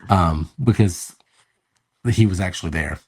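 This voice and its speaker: A podcast co-host chats loosely about a movie, laid-back and rambling, swearing casually. His voice is low-pitched, husky and slightly mellow, and he takes his time.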